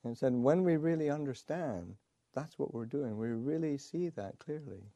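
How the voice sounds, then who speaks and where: A man, a Buddhist monk, telling a story in a dharma talk, halting with many pauses and fillers and chuckling along the way. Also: mid-range voice, expressive, dark tone, no room sound.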